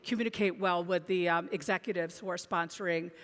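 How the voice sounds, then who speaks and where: A woman's voice: lowish voice, steady tone, fairly quick. A woman analyst speaking on a conference panel, thoughtful, with many restarts and fillers. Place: conference stage. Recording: long hall reverb.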